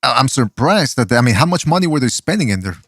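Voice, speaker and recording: Excitable man hosting a podcast. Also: mid-range voice, fast, no room sound. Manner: excitable, chatty, swears casually. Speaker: podcast host. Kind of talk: casual podcast chat.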